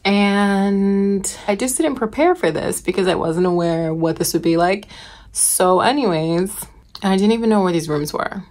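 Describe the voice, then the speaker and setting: A woman's voice: medium pitch, expressive, measured pace, darkish tone. A woman in her twenties, a medical student, talking casually and candidly to a handheld phone camera. She chats freely and fills her sentences with "like". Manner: chatty and candid, peppered with "like". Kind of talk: casual vlog chat to camera.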